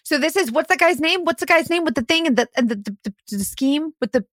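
A woman hosting a podcast pelts her guest with eager questions and hunts for the right word mid-sentence. Her voice is high and quick, and it sounds dry and close. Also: animated, a bit bright, no room sound. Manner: eager, rapid-fire questions, fumbles for words. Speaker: podcast host. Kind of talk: casual podcast chat.

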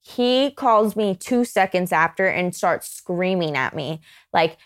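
A woman's voice: lowish voice, lively intonation, slow pace. A young adult woman, a podcast guest, telling a personal story in casual chat and often saying "like". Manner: chatty, filler-heavy with frequent "like".

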